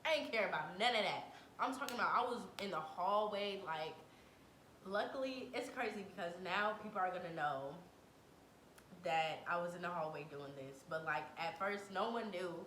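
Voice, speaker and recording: A young adult woman telling a personal story to camera in a dramatic, animated way, full of slang. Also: moderate pace. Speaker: vlogger. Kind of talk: storytime vlog. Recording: echoey room, faint rumble.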